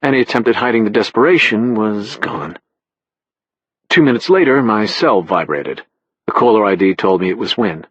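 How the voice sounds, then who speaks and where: A man narrating a thriller audiobook in the first person, in a measured, matter-of-fact way. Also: fairly low pitch, expressive, a bit bright, husky, no room sound, muffled recording.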